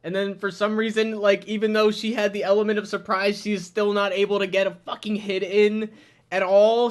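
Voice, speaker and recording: Talking to camera in an indoor room, a video reviewer tears into a show with crude, mocking jokes in excited reaction commentary. The voice is medium-pitched, brisk and flat, and the delivery keeps collapsing into hysterical laughter.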